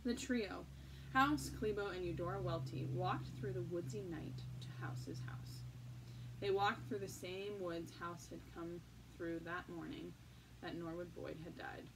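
A woman narrating a novel in a calm, measured storytelling voice. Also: lowish voice, creaky. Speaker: audiobook narrator. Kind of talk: scripted narration. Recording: distant mic, faint noise.

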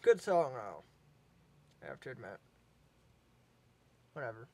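A man's voice: mid-range voice, wildly swooping pitch, measured pace, a little mellow. A man hosting a casual let's play, mumbling to himself, trailing off, and humming snatches of tunes as he plays. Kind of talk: casual gameplay commentary.

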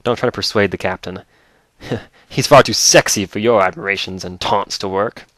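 Excitable man playing a video game. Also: fairly low pitch, normal speed, no room sound. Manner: excitable, gushing, joking. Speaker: let's play host. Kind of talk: casual gameplay commentary.

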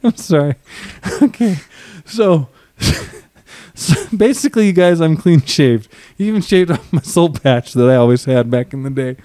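A man telling a story on a podcast, lively and laughing often, acting out what people said to him. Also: on the high side, unhurried, no echo. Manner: animated, laughs often, acts out quotes. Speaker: podcast guest, auctioneer and trucker. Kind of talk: casual storytelling.

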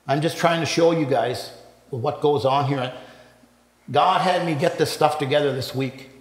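Speaking at a men's breakfast in a church hall, an older Canadian man gives his testimony at a measured pace in a voice on the high side. He rambles through stories, acts out what people said, laughs along, and builds up into preaching. The hall is echoey, with long reverb.

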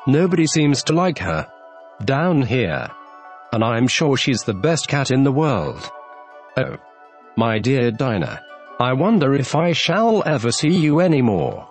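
A man voicing a curious, polite young girl in a storybook reading, gently wondering aloud to herself. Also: medium pitch, big pitch swings, a little slow, faint music behind. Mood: melancholy.

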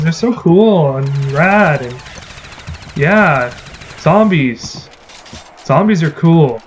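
Chatty young-sounding gamer man, slightly high. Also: lively intonation, extremely slow, pauses often, a little hiss or hum. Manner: chatty, rambling, swears when frustrated. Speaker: gaming channel host. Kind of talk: casual gameplay commentary.

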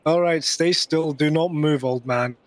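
A man's voice: a little high, a little slow, lightly acted. A man voicing a firm young police officer giving commands. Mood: stern. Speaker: roleplayer. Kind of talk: game role-play.

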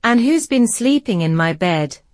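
A woman's voice: a little high, expressive, a little slow, dry recording, clean studio sound. A woman voicing a mother bear in a storybook reading, exclaiming her lines. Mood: fussing.

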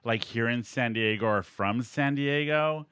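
A man in his forties hosting a casual podcast, animated and quick to laugh and swear. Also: mid-range voice, clear, resonant tone, dry recording, studio quality. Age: 40s. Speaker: podcast host. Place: San Diego area.

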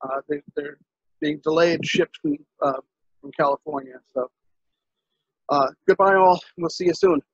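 A middle-aged man hosting a casual home show, speaking haltingly with many fillers and restarts as he signs off. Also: on the high side, slightly rough, no room sound, muffled recording. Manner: halting, lots of fillers and restarts, friendly sign-off. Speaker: show host.

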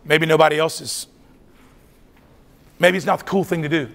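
Here a middle-aged youth conference preacher tells a lively story, performing each character's voice himself. His voice sits on the high side with some vocal fry, and his pace is moderate. He is recorded in a big church hall with plenty of echo.

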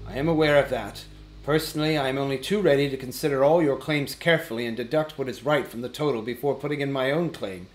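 A man voicing a small, fussy, businesslike male hobbit in an audiobook, prim and a little squeaky. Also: fast talker, soft background music, natural voice. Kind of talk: audiobook character reading.

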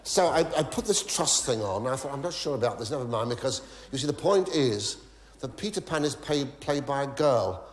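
Recorded live in a theatre with audience laughter, a male comedian spins a story in an animated, mid-range voice, a little fast and roomy-sounding. He stammers through gossipy muttered asides, then breaks into sudden shrieks and mock pleas to the crowd.

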